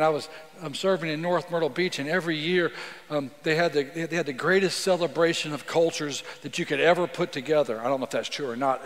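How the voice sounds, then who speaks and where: A male pastor preaching a sermon in a relaxed, conversational way, with frequent restarts and repeated words. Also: fairly high pitch. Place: church sanctuary. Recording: long reverb of a church sanctuary.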